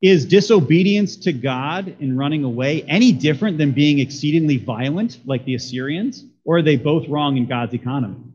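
Husky-voiced pastor preaching a sermon. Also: male voice, fairly high pitch, expressive, normal speed, few pauses, a little mellow, muffled recording. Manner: conversational, asks the congregation questions.

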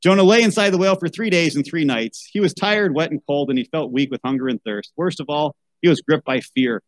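A man's voice: on the high side, fairly quick, no echo, poor audio. A man reading a children's Bible story aloud, breaking off for wry asides and a rant about how such books should be chosen. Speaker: podcast host.

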